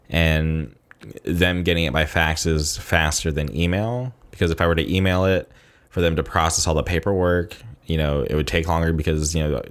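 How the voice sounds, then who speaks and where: A man vlogging in a loose, rambling way, leaning heavily on fillers like "like" and "you know" as he tells a story. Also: extremely low pitch. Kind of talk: casual storytelling to camera.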